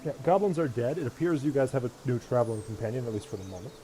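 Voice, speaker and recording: A man's voice: medium pitch, expressive, racing, a crowd in the background. A man acting as dungeon master, narrating a tabletop game in a playful way and laughing at his own descriptions. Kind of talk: running a tabletop game over voice chat.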